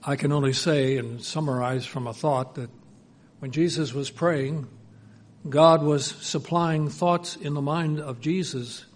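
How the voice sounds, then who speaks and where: Male preacher, slightly high voice, earnest, moves between hushed and emphatic delivery. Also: steady tone, unhurried. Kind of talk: sermon.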